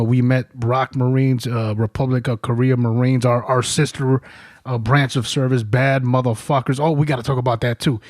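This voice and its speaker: A man's voice: mid-range voice, no echo. Man, veteran storyteller, profane, laughing, dry close studio sound. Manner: profane, animated, laughing between lines. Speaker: military veteran telling stories. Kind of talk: casual podcast storytelling.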